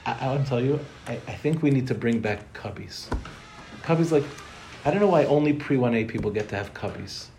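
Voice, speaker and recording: A young man teaches a Torah class with an easy, joking energy, sitting at a middle pitch. He keeps firing rhetorical questions at the room and drives toward his point. A faint ambient hum sits behind his voice. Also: animated, brisk, creaky, a little mellow.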